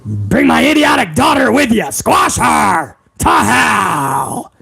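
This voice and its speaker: A man doing a mocking impression of a blustering old male company boss who shouts orders. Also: very high-pitched, wildly swooping pitch, slow pace, soft background music, full character voice. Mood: gleeful shouting. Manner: shouting, raspy, gleeful bellowing.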